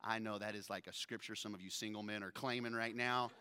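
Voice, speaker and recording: A man's voice: lowish voice, steady tone, fairly quick, bright, forceful tone, clear, resonant tone, in a large hall. A man preaching a sermon in a joking, conversational way, laughing often between lines. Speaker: pastor.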